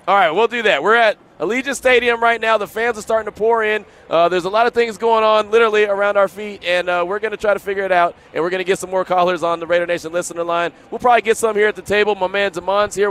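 A man's voice: high-pitched, fairly even intonation, quick pace, few pauses, fairly bright tone. A man hosting live sports radio outdoors at a stadium, upbeat and full of hype, repeating phrases. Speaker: radio host.

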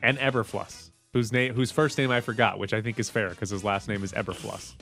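A man's voice: lowish voice, vocal fry, soft background music. A man hosting a sports radio show, chatting casually and joking about football news. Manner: quick, joking, animated.

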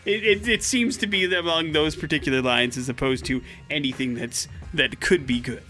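A man co-hosting a morning radio show, chatting casually and excitably with plenty of fillers. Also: fairly high pitch, moderate pace, faint music behind.

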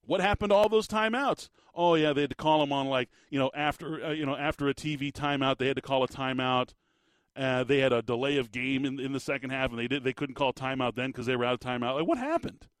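Exasperated sports talk host, dry close mic. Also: male voice, mid-range voice, fast, clean tone, no room sound. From Arizona. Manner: exasperated, emphatic, repeats words. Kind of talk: animated sports commentary rant.

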